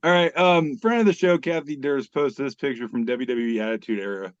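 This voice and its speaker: A man's voice: mid-range voice, brisk, smooth, no echo, muffled recording. A man hosting a casual comedy podcast, joking, swearing and reading posts aloud. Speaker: podcast host.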